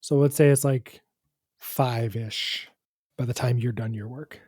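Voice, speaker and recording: Mellow-voiced male dungeon master. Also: mid-range voice, fairly even intonation, husky, no room sound, clean studio sound. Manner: measured, descriptive narration. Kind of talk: narrating a tabletop game.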